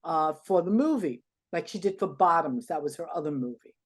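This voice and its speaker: An older woman, an interview guest, telling stories in an animated way and acting out the people she quotes. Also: low-pitched, brisk. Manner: animated, acts out quoted dialogue. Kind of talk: anecdotal storytelling.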